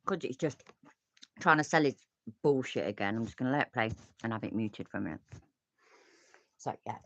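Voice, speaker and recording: A woman's voice: rumbling low, lively intonation, a little fast, fairly bright tone, dry recording, muffled recording. A British woman hosting a live reaction stream, chatty and sweary with laughing asides. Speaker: livestream host reacting to videos. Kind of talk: casual live reaction commentary.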